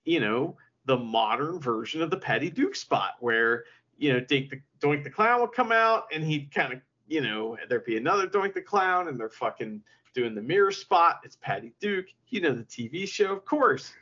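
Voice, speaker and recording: A man co-hosting a podcast, chatting casually and profanely, retelling events with lively quoted asides. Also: on the high side, moderate pace, lo-fi sound. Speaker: podcast co-host. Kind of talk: casual chat recapping wrestling.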